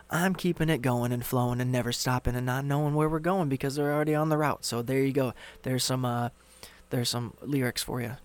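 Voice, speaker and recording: A man hosting a solo podcast into a studio microphone, casual, rambling and sarcastic. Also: mid-range voice. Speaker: podcast host.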